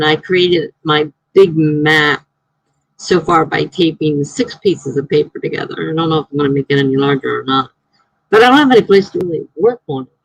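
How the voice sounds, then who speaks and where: A woman's voice: low voice, gravelly, dry recording, rough recording. A woman, a writer, hosting a casual live stream from home, chatting in a rambling way and laughing often.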